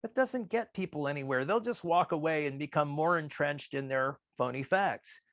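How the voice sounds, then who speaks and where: Measured man presenting a workshop. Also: no echo, studio quality. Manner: calm, measured, acts out quoted voices with shifts in pitch. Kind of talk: presentation on persuasive communication.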